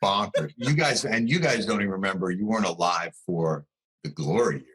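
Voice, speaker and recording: A middle-aged man, a talk-show guest, trading wry, quick comic riffs in casual banter. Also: low voice, a bit bright, low-quality recording.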